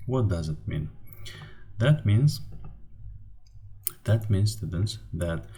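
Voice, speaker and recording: A man's voice: low-pitched, lively intonation, slow pace, warm tone. A man with a Turkmen accent teaching a language lesson over slides, hesitant, with many fillers and restarts as he sounds out syllables one by one. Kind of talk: slide-based grammar lesson.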